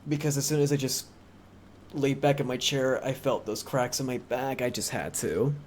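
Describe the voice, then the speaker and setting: A man's voice: mid-range voice, moderate pace, a little hiss or hum. A young man streaming live, chatting casually with his viewers in a rambling way and often correcting himself. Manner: rambling, with frequent self-corrections. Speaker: livestreamer.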